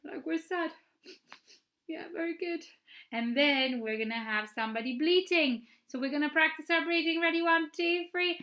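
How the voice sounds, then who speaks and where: A woman's voice: sits high, moderate pace, bright, forceful tone. A woman presenting a children's story time, teaching signs for the story in a playful, encouraging, sing-song way.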